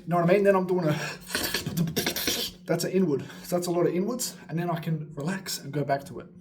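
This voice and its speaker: A man's voice: fairly high pitch, fairly quick, a little hiss or hum. A man coaching beatboxers in a casual, rambling way, full of swearing and laughing asides, sometimes moving around as he talks. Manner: energetic, swearing, laughing asides, jumping around while talking.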